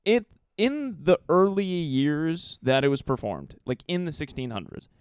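A man talks loosely on a podcast, swearing and laughing as he retells a story, trailing off into ums. His voice is smooth and clean, recorded close and dry with no room sound. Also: a little high, sing-song, a little slow, no echo. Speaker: podcast co-host telling the story. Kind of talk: casual chat.

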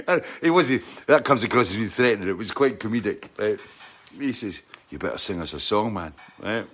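A man's voice: fairly low pitch, lively intonation, normal speed, fairly bright tone, husky. A man with a Scottish accent telling a rambling anecdote, often checking in with "right?" and mimicking sounds with his mouth.

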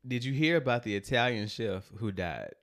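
A man's voice: medium pitch, very animated, normal speed, fairly bright tone. A man co-hosting a casual podcast, laid-back and laughing at his own corny jokes. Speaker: podcast co-host. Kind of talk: casual joke-telling chat.

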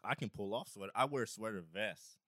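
A man's voice: lowish voice, a little fast, pushed and bright, no echo, clean studio sound. A man co-hosting a podcast, chatting casually with playful trash talk and a laid-back speech style. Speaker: podcast co-host. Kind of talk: casual chat.

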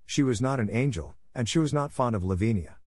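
A man narrating a classic novel as an audiobook for language learners, reading in a measured, clear way. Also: medium pitch, animated, darkish tone, dry recording, clean studio sound.

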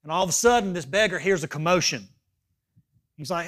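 A male pastor preaching a sermon, emphatic, dropping to hushed asides and rising to loud appeals, often checking in with "okay?". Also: a little high, lively intonation, brisk.

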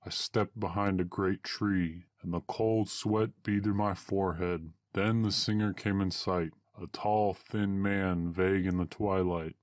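A man narrating a first-person adventure story aloud in old-fashioned, archaic wording, at a steady storytelling pace. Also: deep voice, measured pace, hardly any pauses, no echo, clean studio sound.

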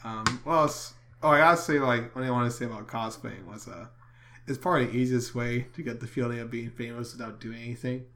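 A young man co-hosting a casual podcast chat, sarcastic and crude, swearing often and breaking into loud laughter. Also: mid-range voice, fairly even intonation, fairly quick. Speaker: podcast co-host.

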